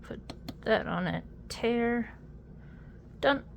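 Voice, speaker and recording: Slow-talking woman with a gravelly voice. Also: a little high, expressive, muffled recording, slight background noise. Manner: chatty, easily amused, breaks into exclamations. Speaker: fidget toy reviewer. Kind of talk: casual unboxing chat.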